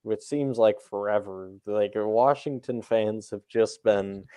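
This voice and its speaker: A young man co-hosting a casual football talk show, adding unhurried opinions and joking asides. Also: on the low side, dark tone, clear, resonant tone, no room sound. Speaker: co-host. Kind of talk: casual sports chat.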